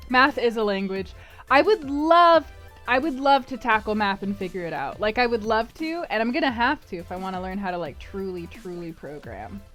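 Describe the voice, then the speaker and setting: A woman's voice: fairly high pitch, sing-song, measured pace, a bit bright, soft background music. A woman streamer chatting casually while she plays, rambling and laughing often. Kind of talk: casual chat while gaming.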